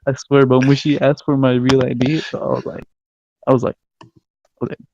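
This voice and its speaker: A young man, a podcast co-host, telling a story in casual chat, excitable and swearing a lot, laughing as he goes. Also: mid-range voice, normal speed, no echo, lo-fi sound. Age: young adult.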